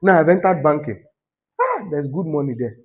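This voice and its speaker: A man's voice: fairly high pitch, big pitch swings, normal speed, highs cut off. Nigerian male pastor, conversational sermon voice that prods and teases the congregation. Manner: exhorting, conversational, teasing the congregation.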